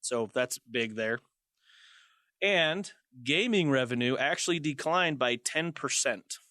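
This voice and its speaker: A young man hosts a casual tech podcast with a jokey, playful delivery and frequent laughs. His voice sits at an everyday middle pitch. The sound is dry and close, with no room echo. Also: expressive, slow pace, sharp tone. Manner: jokey, laughs often, goofy high squeals. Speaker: podcast host.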